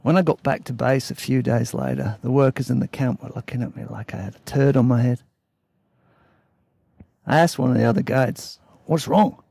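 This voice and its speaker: A man's voice: mid-range voice, steady tone, moderate pace, gravelly, warm tone, no echo. A man telling a story in a casual, blunt way, swearing freely.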